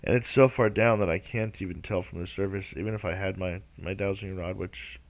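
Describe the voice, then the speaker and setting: A man's voice: low-pitched, fairly even intonation, a little fast, gravelly, a little hiss or hum. A man rambling through gameplay commentary, hesitant and self-talking, often stalling and humming nonsense syllables. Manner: rambling, hesitant, talks to himself; hums and scats nonsense syllables. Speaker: Minecraft let's-play host.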